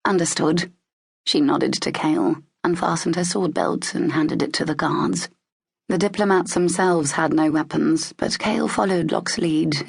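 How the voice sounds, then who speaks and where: Husky, gravelly woman narrating an audiobook. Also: low voice.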